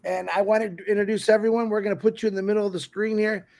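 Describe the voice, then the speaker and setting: A man's voice: high voice, flat delivery, fast talker, darkish tone. A man co-hosting a live webcast, introducing a guest in an effusive, enthusiastic way over a video call. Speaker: co-host.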